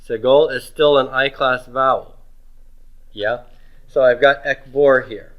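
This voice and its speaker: A middle-aged man teaching Hebrew grammar in a homework review lecture. He asks questions and answers them himself, drawing out words slowly. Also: mid-range voice, fairly even intonation, muffled recording.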